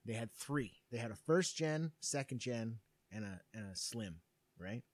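A man's voice: medium pitch, lively intonation, unhurried. A man in his thirties, a podcast co-host telling a long story in casual, profane chat.

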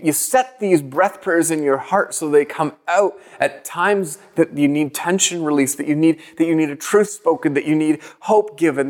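A man preaching a sermon, earnest and reflective, softly repeating short phrases as he speaks. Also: fairly high pitch, long reverb tail. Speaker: pastor.

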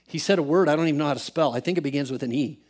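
A man preaching a sermon as pastor, swinging from loud emphatic bursts to soft hushed asides. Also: a little high, rapid-fire.

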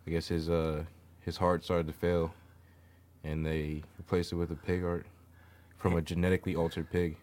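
Young man with a very deep voice. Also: normal speed. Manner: steers topics, relaxed storytelling. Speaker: podcast co-host. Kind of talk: casual chat.

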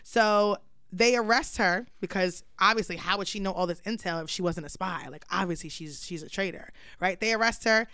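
A young adult woman hosting a podcast, telling a story in lively, profane slang. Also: mid-range voice, a little fast, clean tone, no echo. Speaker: podcast host. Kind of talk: casual chat, storytelling.

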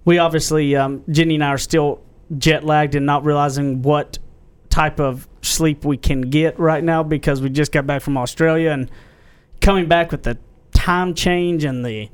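A man's voice: a little high, fairly even intonation, normal speed, clean tone. A man hosting a casual podcast, talking in a chatty way with frequent restarts. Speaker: podcast host.

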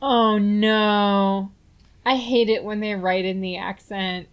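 A young woman co-hosting a podcast in casual chat, reacting with quick exclamations of dismay. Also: medium pitch, fairly even intonation, smooth. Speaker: podcast co-host.

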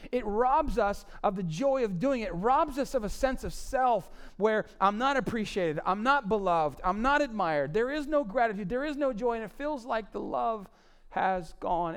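Animated high-voiced male preacher. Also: clear, resonant tone. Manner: animated, swings between loud emphasis and low quiet asides. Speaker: pastor. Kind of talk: sermon on marriage.

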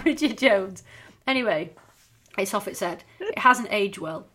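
A woman's voice: a little high, normal speed. Sweary woman in her thirties. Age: 30s. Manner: sweary, animated, chatty. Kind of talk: casual chat.

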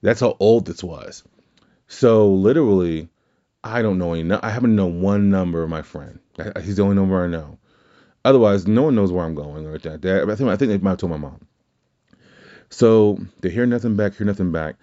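Low, mellow-voiced man telling stories. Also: a little fast, muffled recording. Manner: rambling, profane, self-correcting. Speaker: podcast host. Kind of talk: casual storytelling chat.

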